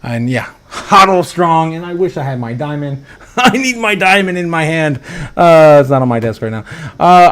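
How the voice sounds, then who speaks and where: A man hosting a casual livestream, chatting and reading out viewer comments with frequent chuckles and restarts. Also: a little high. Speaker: livestream host.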